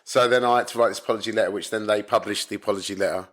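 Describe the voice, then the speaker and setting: A man, a carp angler from the UK, telling stories as a podcast guest in a blunt, animated way, swearing often. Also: fairly low pitch, very fast. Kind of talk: casual storytelling chat. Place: home in Spain.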